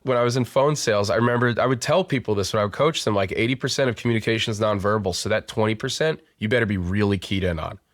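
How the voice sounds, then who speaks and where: A man hosting a podcast, talking in a relaxed, chatty way and speeding up when telling a story. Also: on the low side, quick pace, hardly any pauses, no room sound, clean studio sound. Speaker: podcast host. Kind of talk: conversational podcast interview.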